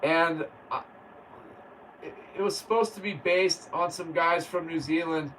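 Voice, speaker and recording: A man chats casually on a livestream, reading comments aloud and laughing often. He talks slowly in a slightly high voice. The mic sits some distance away, with faint noise behind him. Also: fairly bright tone. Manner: laid-back, laughs often, reads viewer comments aloud. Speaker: livestream host.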